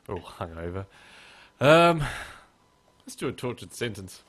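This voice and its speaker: Low-voiced man hosting a relaxed chat. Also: a little slow, noisy background. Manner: relaxed, joking, reads texts aloud in mock voices. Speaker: podcast host. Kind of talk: casual chat.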